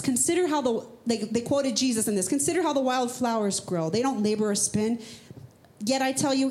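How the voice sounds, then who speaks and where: A woman pastor gives a sermon in a casual, talky way. She leans hard on emphatic phrases and leaps into high, playful rhetorical questions. Her everyday speaking voice sits in a middle pitch. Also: darkish tone. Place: church.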